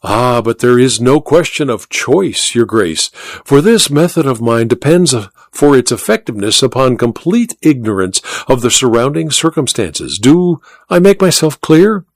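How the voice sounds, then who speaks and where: A man's voice: mid-range voice, expressive, moderate pace, no room sound. A man voicing a suave, scheming colonel in an audiobook reading, deferential and precise. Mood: urbane. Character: scheming male colonel, suave courtly torturer. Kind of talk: audiobook character voice.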